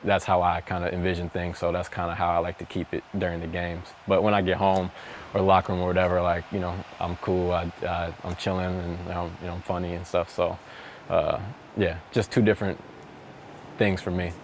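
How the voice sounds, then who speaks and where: Low, flat-voiced young man, easygoing. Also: fairly quick, slight background noise. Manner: easygoing, many fillers like "you know" and "like". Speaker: professional basketball player, interview guest. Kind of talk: relaxed interview answers.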